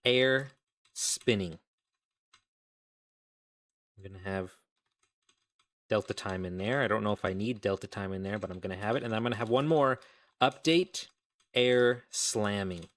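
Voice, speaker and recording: A man with a fairly low voice talks through his code on a live stream, rambling and restarting his sentences as he thinks aloud. He comments casually as he goes. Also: measured pace, long pauses, fairly bright tone. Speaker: game developer streaming live.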